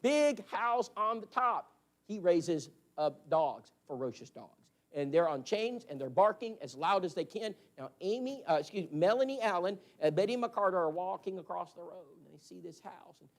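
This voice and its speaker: A man's voice: high-pitched, expressive, normal speed. A man, preaching in a storytelling style and acting out the voices of the people in his stories. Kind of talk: storytelling sermon. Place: church hall.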